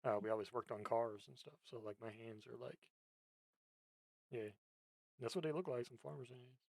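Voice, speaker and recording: A man hosting a podcast and chatting casually, his voice sitting at an ordinary middle pitch. He tells long, rambling stories, swears freely and laughs often. The sound is dry and close, with hardly any room around it. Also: steady tone, normal speed, gravelly, darkish tone, no room sound. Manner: profane, rambling storyteller who laughs a lot. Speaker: podcast host. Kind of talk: casual chat.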